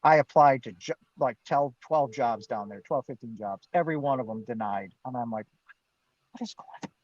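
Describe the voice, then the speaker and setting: A man's voice: mid-range voice, moderate pace, dry recording. A man, a guest on a live Q&A, telling his own story with animation, acting out what he and others said and laughing now and then. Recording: dull, dry lo-fi stream audio.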